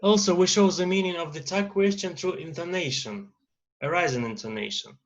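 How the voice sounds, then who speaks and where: A man with a Russian accent teaching an English grammar lesson, pausing often with "uh" fillers. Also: high-pitched, highs cut off. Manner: lecturing with many uh fillers and pauses.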